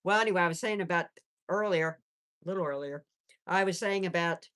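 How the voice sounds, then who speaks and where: A woman's voice: fairly low pitch, fairly quick, fairly bright tone. A woman hosting a casual live stream from home on her phone, chatting with viewers and cooing at her pets. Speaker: pet channel host.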